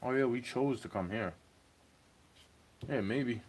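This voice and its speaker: A man's voice: medium pitch, slow, darkish tone. A young man ranting in a rambling, agitated monologue, swearing as he talks to a stream chat.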